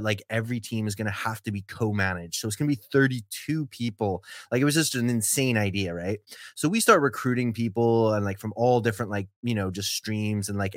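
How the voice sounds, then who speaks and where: A man's voice: on the low side, a bit bright, no echo, clean studio sound. A man hosting a podcast, telling a long story in a casual, rambling way with many fillers and laughs. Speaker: podcast host.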